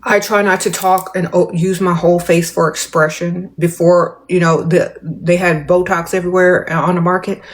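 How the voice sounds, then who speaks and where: A woman's voice: on the low side, steady tone. Restrained middle-aged woman streaming live. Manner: talks with little mouth movement, restrained and measured; drawling and playful, calls viewers darling and y'all. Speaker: livestream host. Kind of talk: casual livestream chat answering comments.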